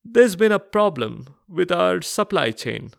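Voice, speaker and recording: A man playing an earnest, fussy legendary king who talks in a slow, deliberate, officious way, in a storytelling podcast. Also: high voice, sing-song, creaky, no echo, clean studio sound, exaggerated voice. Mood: matter-of-fact.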